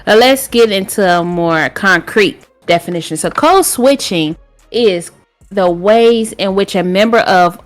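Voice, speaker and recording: Woman cohost, lively back and forth, faint music behind. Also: medium pitch. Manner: animated, quick to agree, explains with definitions. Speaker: podcast co-host. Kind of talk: casual chat.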